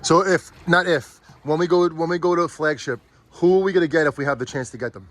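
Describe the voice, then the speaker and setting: A man vlogging as a father while unboxing a prop with his kids, chatty and teasing, easily excited. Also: a little high, brisk, slight background noise. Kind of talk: casual chat.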